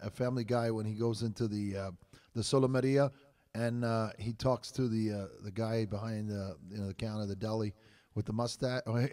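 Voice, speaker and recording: A man's voice: medium pitch, a little mellow, no echo. A male radio host speaks close to the mic in a dry studio. He chats loosely and jumps in often with his own remarks. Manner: loose, chatty, interjecting. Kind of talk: casual radio chat.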